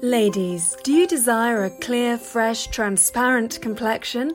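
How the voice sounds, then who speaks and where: A woman reading a spoof vintage advert in a deadpan, mock-salesy manner. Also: a little high, unhurried, few pauses, faint music behind.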